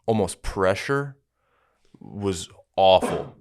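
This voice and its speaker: A young man tells a personal story on a laid-back podcast, loose and profane. His voice sits deep and low, with a smooth, clear tone. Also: expressive, extremely slow. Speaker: podcast host. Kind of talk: casual chat.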